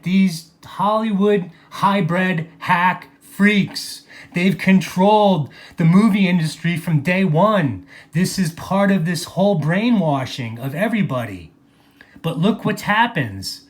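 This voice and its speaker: A man's voice: high voice, takes it slowly. A man delivering an angry, profane vlog monologue, mocking people and repeating phrases for emphasis. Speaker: video blogger.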